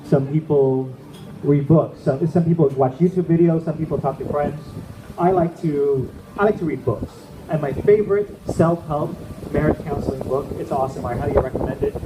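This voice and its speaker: A man's voice: fairly high pitch, normal speed. A man doing a stand-up comedy set at an event, chatty and checking in with the crowd. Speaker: amateur stand-up comic. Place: event room with a live audience. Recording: echoey room with background noise.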